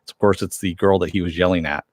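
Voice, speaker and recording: A man's voice: low voice, steady tone, quick pace, no echo, studio quality. A man casually recapping a TV episode, rambling with many fillers and self-corrections. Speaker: TV show reviewer.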